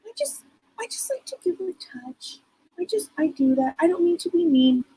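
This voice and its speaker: A woman voicing the spirit of a sweet, polite, chatty little girl, in a high childlike voice. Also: lively intonation, normal speed, dark tone, low-quality recording.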